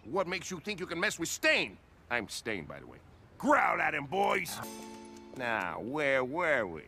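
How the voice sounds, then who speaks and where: A man's voice: a little high, wildly swooping pitch, measured pace, creaky, sharp tone, faint music behind, full character voice. An actor voicing a bullying male street dog leader who taunts and mocks. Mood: taunting. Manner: taunting, mocking.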